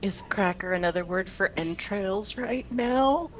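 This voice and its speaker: A woman's voice: medium pitch, a little slow. A woman playing a tabletop game, grumbling and sardonic. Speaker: player. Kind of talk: casual tabletop game play.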